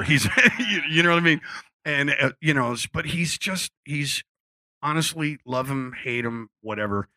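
Bright-toned man telling rambling stories. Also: on the high side, expressive, moderate pace, no room sound. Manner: rambling with many fillers and restarts; blunt, swears freely. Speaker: musician guest at a live Q&A. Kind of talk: casual storytelling on stage. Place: live event before an audience.

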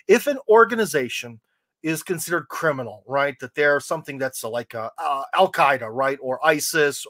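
Podcast host: American man with a higher-than-usual voice, rambling casual chat, wry asides, very dry close sound. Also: a bit bright, dry recording. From United States.

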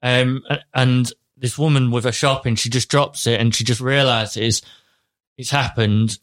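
A man's voice: medium pitch, measured pace. Chatty man. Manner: chatty, animated retelling. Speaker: podcast co-host. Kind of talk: casual chat.

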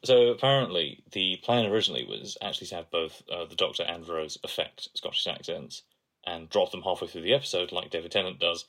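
A man's voice: deep voice, a little fast, a bit bright. A young man co-hosting a podcast, sharing analysis and trivia in casual chat. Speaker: podcast co-host.

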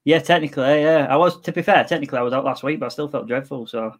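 A man co-hosting a football podcast. He talks quickly in a mid-pitched voice, laid-back and dry. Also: fairly even intonation. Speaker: podcast co-host. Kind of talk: casual football podcast chat.

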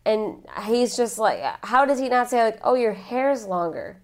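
A woman's voice: fairly high pitch, a little slow, darkish tone. A woman in casual podcast chat, bluntly recapping movie scenes and mimicking the characters.

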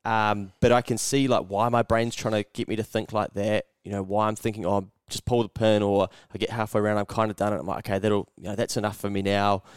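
A man's voice: fairly low pitch, flat delivery, fast talker, hardly any pauses, smooth, dry recording, clean studio sound. A young man with a New Zealand accent, co-hosting a podcast and telling a story in casual chat, swearing often and acting out his own thoughts. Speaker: podcast co-host.

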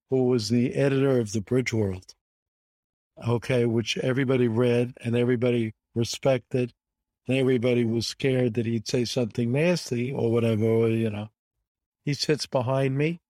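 A man in his seventies from the United States, a guest telling animated stories with emphatic repetition in an interview. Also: mid-range voice, dry recording. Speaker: guest, bridge champion. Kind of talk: conversational storytelling interview.

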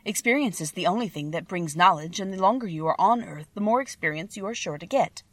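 A woman's voice: lowish voice, expressive, fast talker, fairly bright tone, no room sound. Woman reading an old meek humbug wizard. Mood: gentle. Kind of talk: audiobook reading.

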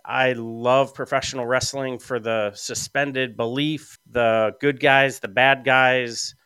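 A middle-aged podcast guest rambles through long stories in a casual chat, with frequent fillers and restarts. His medium-pitched voice is pushed and bright, clear and resonant, with fairly even intonation and a slow pace. There's no echo.

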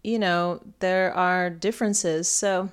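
She's from northern England but speaks with an American accent, and in her solo podcast she chats and wanders from point to point, full of ums and little laughs. An astrologer by trade, she has a low-leaning, clean, steady voice and a slow pace.

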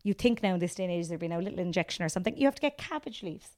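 A woman in her thirties with a Cork accent, a guest comedian in casual chat, telling animated stories and acting out what people said. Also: fairly low pitch, rapid-fire. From Ireland. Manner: animated storyteller, acts out quotes.

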